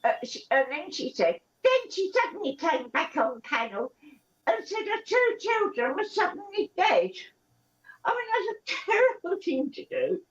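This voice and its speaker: A woman on a live panel, upset and tearful, talking haltingly with many ums and restarts. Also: high voice, muffled recording. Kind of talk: emotional casual chat.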